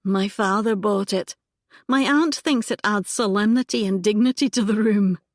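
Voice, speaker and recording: A woman voicing a poised, witty young gentlewoman in a composed, genteel manner. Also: mid-range voice, normal speed, dry recording, clean studio sound, lightly acted. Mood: playful.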